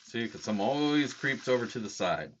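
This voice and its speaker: A man's voice: mid-range voice, big pitch swings, moderate pace. A man hosting a casual livestream, talking in a profane, self-mocking way and chuckling at his own jokes. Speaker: livestream host. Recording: dull lo-fi stream audio, faint noise.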